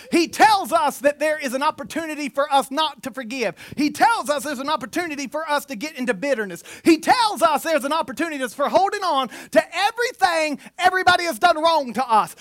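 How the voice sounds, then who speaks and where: A preacher giving an animated sermon, telling stories with humor and sometimes slipping into mock voices. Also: high-pitched, no room sound, studio quality.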